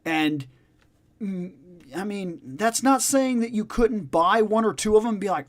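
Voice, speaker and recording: A man's voice: high voice, unhurried. A man hosting a casual discussion chat, emphatic and profane, repeating his points for stress. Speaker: podcast host.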